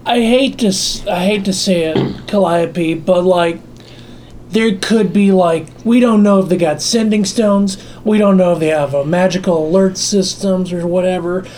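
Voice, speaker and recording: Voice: mid-range voice, moderate pace, a little mellow, a little hiss or hum. A player of a tabletop game, talking casually with frequent fillers. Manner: casual, lots of fillers like 'like'.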